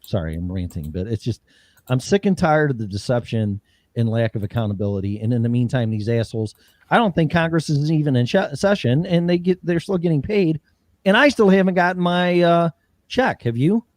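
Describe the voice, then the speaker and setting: A man's voice: on the high side, lively intonation, a little fast, a little mellow, no echo. A man hosting a political talk show, ranting heatedly with profanity and mocking impressions. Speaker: show host.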